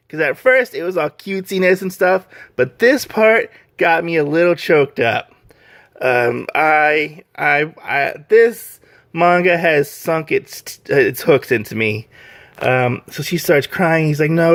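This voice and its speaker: A man chats through a casual video review in a rambling way, his sentences packed with "like" and "um". He gushes with enthusiasm, and his voice is recorded close with a dry, dead sound. His pitch sits in an ordinary middle range. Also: fairly bright tone, dry recording. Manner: rambling, heavy use of "like" and "um"; enthusiastic, gushing. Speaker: manga reviewer.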